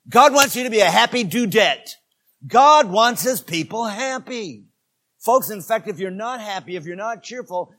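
A male pastor whose voice sits high preaches to his congregation, speaking to them directly. He alternates between loud exhortation and quieter asides.

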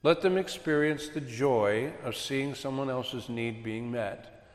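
A man preaching earnestly to a congregation about raising children, animated as he makes his points. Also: mid-range voice, takes it slowly. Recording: echoey hall with long reverb.

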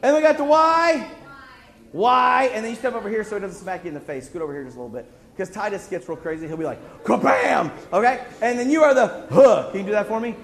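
A man leading a children's church song game, coaxing the kids and singing and shouting cues. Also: high-pitched, animated, fast.

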